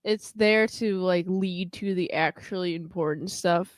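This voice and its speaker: Slow-talking woman rambling on a podcast. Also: lowish voice, no echo. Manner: rambling, hedging with many "like"s. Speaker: podcast co-host. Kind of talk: casual podcast chat.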